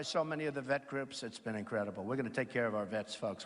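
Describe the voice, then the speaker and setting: A man's voice: on the low side, very fast, hardly any pauses, crowd noise, noisy background. A man giving a campaign rally speech, rambling, boastful and repetitive, into a podium microphone. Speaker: political candidate. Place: large hall at a college event. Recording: echoey reverb of a large hall.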